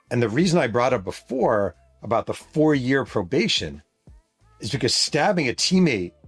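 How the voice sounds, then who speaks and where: A middle-aged man from New York State, a podcast host and author, retells a story in a casual, vivid way with plenty of profanity. His voice sits in the mid-range and has a breathy edge.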